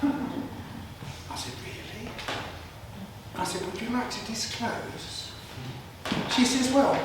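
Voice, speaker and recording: A man's voice: extremely high pitch, slow pace, pauses often. A man performing a cheeky music hall comic monologue, bantering with a live audience. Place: theatre stage, live audience. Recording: roomy hall, far from the mic, loud audience noise.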